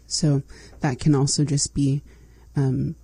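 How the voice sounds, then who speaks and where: Brief: woman guiding a language lesson, husky and warm, dry close sound. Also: rumbling low, slow pace, no echo. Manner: calm, steady, repeats phrases. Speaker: lesson co-host.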